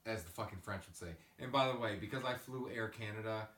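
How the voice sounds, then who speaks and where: A man hosting a casual podcast, swearing freely and ranting through animated stories. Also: fairly low pitch, fast, distant mic. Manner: ranting, profane, animated storytelling. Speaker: podcast host. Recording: echoey room, away from the mic.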